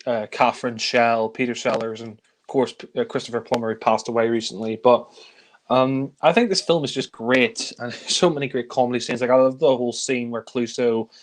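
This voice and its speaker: A man chats through a film review in a loose, rambling way. He leans on fillers and laughs under his breath as he goes. His voice sits at an ordinary middle pitch. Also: fairly even intonation, brisk. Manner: rambling, full of fillers and chuckles. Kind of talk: casual film review chat.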